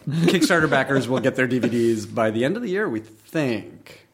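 A man's voice: mid-range voice, animated, normal speed, breathy edge. Upbeat male podcast guest. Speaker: guest, comics and stage show creator. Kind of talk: casual interview chat.

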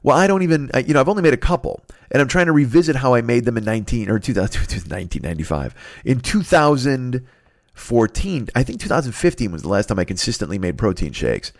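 A man hosting a podcast, telling a rambling, profane story in a casual, animated way. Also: mid-range voice, fast, gravelly, no echo, studio quality. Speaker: podcast host.

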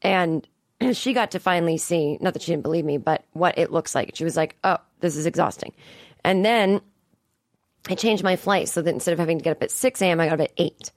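A woman's voice: lowish voice, brisk, no echo. A woman in her forties from the Boston area, ranting casually and profanely as a comedian hosting her own podcast from a studio. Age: 40s. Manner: profane, exasperated rant with frequent emphatic rises. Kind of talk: casual monologue. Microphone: studio mic.

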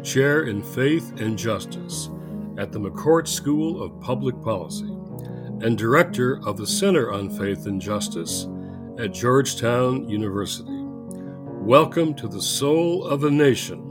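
A man hosting a podcast who reads a measured scripted introduction and then talks in conversation. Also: medium pitch, animated, music in the background. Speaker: podcast host.

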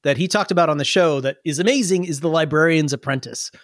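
A man's voice: on the high side, fast talker, no room sound, studio quality. A man hosting a tabletop storytelling podcast as game master, upbeat and enthusiastic, with a bouncy delivery. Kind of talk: tabletop podcast hosting and scripted fantasy narration.

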